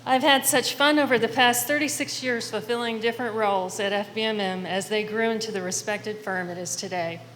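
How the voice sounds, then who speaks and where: A woman's voice: a little high, fairly even intonation, a little fast, hardly any pauses, a bit bright, slight background noise. A woman in her sixties giving an acceptance speech, grateful and lightly amused. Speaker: award honoree. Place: large event hall. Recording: long hall reverb, faint ambience.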